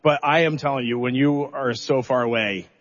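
A middle-aged man, a mission commander, telling an animated, self-deprecating story at a press conference. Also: medium pitch, moderate pace. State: emotional, holding back tears. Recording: dull recording in a reverberant hall.

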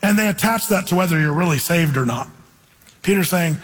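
A man with a high voice and lively intonation preaches an earnest, informal sermon in a church, talking a bit fast. He quotes scripture and puts on voices to make his points in a conversational style, though the audio is poor and sounds like a big room.

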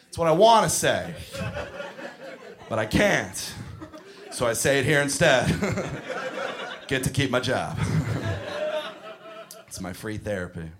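A man doing a stand-up routine, profane and animated, shouting his punchlines. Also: medium pitch, takes it slowly, pauses often, crowd noise. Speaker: stand-up comedian.

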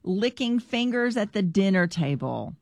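A woman's voice: mid-range voice, sing-song, measured pace, gravelly, darkish tone, dry recording. Laughing woman co-hosting a radio show. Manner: laughing, reads listener messages. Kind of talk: casual radio banter.

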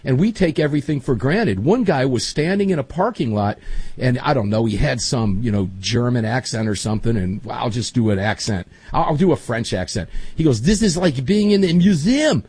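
Husky middle-aged guy hosting a podcast, voice jumps all over, rambly chat. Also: medium pitch, lively intonation, a little fast, a little mellow, no echo. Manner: chatty, rambling, emphatic. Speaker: podcast host. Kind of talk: casual chat.

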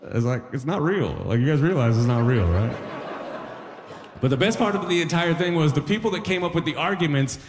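Animated male stand-up comic, lively pitch. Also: brisk, background noise. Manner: animated, conversational, acts out voices. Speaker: stand-up comedian. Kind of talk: stand-up comedy set. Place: comedy venue on stage.

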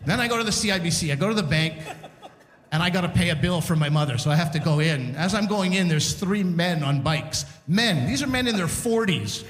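A man hosting a live stand-up show, telling a story in a chatty, animated way with restarts and asides. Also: high-pitched, fairly quick. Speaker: stand-up comedian and show host. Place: stage in a community center hall. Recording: roomy live hall reverb.

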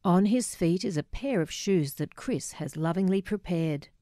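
A woman narrating her memoir in a reflective, measured, wry way, close on a studio mic. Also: on the low side, lively intonation, mellow, no room sound.

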